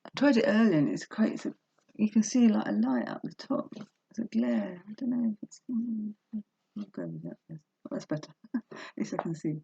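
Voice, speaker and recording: A woman's mid-range voice, gravelly, dark and slightly rough, reads a self-help book at normal speed for a home vlog, punctuated by open, emotional asides with laughter and self-talk. She records in a room at home on a laptop webcam mic, so the sound is dull and lo-fi.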